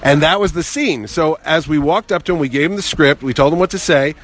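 A middle-aged man telling a long anecdote in a casual way, animated and acting out other people's lines. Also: a little high, fairly quick. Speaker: guest telling stories.

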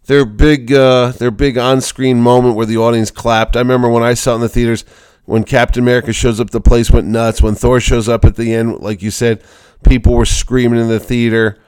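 A man's voice: medium pitch, fairly even intonation, darkish tone, clear, resonant tone, no echo, clean studio sound. A man hosting a casual podcast, chatting about a movie he saw. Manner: chatty, talks quickly with restarts. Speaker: podcast host, convention organizer.

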